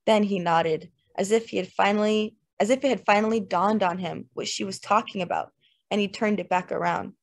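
A woman narrating a literary novel in the first person, measured and lyrical. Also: medium pitch, steady tone. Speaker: audiobook narrator. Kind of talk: literary fiction reading.

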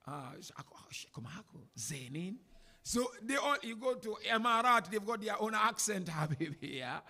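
Bright, gravelly-voiced man teaching. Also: high voice, normal speed. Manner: animated, chatty teacher with laughs and asides. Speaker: sheikh giving a talk and answering questions. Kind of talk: informal religious lecture with Q&A. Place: mosque hall before an audience.

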